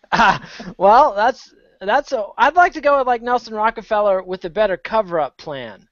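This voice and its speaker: A man's voice: high-pitched, animated, moderate pace, no echo. A man co-hosting a casual talk show, trading wry, profane banter. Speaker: podcast co-host. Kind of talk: casual chat. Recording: dry, dull lo-fi sound.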